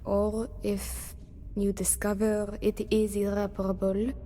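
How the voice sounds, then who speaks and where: An actress with a French accent playing a worried woman who wants to patch things up, speaking in an earnest, measured way. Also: mid-range voice, completely flat delivery, mellow, slight background noise, close to an everyday voice. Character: worried woman seeking a reconciliation.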